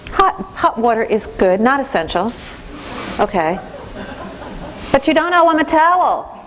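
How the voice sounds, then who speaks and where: A woman's voice: sits high, a little slow, a little hiss or hum, low-quality recording. A woman giving a parenting training lecture to a class, telling stories and acting out voices. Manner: lively storytelling, acts out voices.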